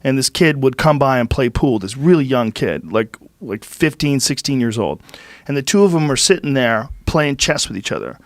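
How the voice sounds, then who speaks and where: Animated, profane man telling stories. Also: mid-range voice, normal speed, dry recording. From Boston area, USA. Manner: profane, animated storytelling with rising excitement. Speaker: podcast host. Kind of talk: casual storytelling chat. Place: podcast studio.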